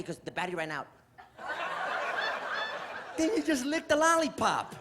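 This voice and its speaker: Animated, high-pitched male stand-up comic. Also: brisk, long pauses, noisy background. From New York City. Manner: animated, exasperated storytelling with act-outs. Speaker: stand-up comedian. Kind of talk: stand-up comedy. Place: theater stage.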